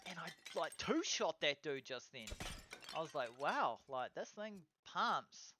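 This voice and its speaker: Bright, excitable male gamer voiceover. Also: a little high, unhurried, a little hiss or hum. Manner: excitable, swears, trash-talks, bursts into loud cheering. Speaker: gameplay commentator. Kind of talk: casual gameplay voiceover.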